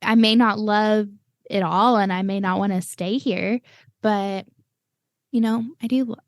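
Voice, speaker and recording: A woman's voice: mid-range voice, fairly even intonation, unhurried, no room sound. A young woman chats as a podcast guest, looping through her thoughts with plenty of "you know" and "like". Her voice sits close and dry, with no room around it. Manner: rambling, many fillers like "you know" and "like". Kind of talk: casual interview chat.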